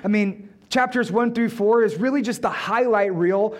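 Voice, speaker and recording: A man's voice: sits high, normal speed. A man preaching a sermon in a conversational style, full of rhetorical questions. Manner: acts out disciples' panicked pleas, then drops to a hushed tone. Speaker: pastor.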